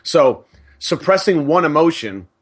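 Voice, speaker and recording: A man's voice: a little high, sing-song, measured pace. A man co-hosting a podcast, talking earnestly and explaining his point with statistics. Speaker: podcast co-host. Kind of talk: casual podcast discussion.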